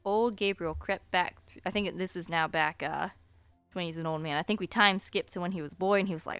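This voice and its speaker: A woman streamer reading a story aloud at a slow, deliberate pace, with chatty asides. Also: lowish voice, fairly even intonation, fairly bright tone, clean tone, no echo, faint music behind.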